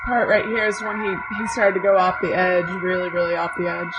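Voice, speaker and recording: A woman's voice: on the low side, steady tone, brisk, very noisy. Chatty woman co-hosting a podcast. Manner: chatty, laughs often. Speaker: podcast co-host. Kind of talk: casual chat.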